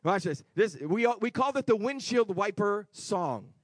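High-voiced shouting male preacher. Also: lively intonation, moderate pace, no room sound. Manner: emphatic, swings between shouting and quiet asides. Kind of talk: sermon. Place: church before a congregation.

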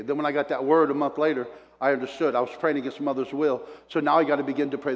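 Speaking quickly in a flat, mid-range voice, a man delivers a sermon full of personal stories. Between points he chuckles, and he acts out other people's words, all ringing with long hall reverb.

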